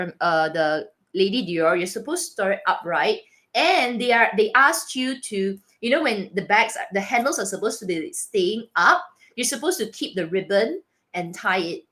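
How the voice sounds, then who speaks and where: A woman hosting a casual live Q&A, chatting with viewers and reading their comments aloud. She is animated and laughs often, with frequent restarts. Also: medium pitch. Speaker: livestream host reading viewer chat.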